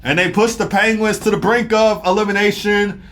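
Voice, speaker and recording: A young man giving a casual, rambling hockey game recap, talking fast with lots of fillers and excited bursts. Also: high-pitched. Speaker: sports commentator.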